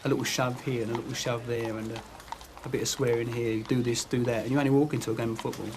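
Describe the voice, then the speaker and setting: A football supporter complaining in an aggrieved way. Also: male voice, mid-range voice, flat delivery, quick pace, noisy background.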